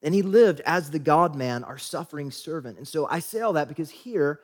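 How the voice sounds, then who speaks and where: High-voiced man preaching conversationally. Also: lively intonation, normal speed. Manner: conversational, acts out quotes, frequent "right?". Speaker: pastor. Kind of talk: sermon.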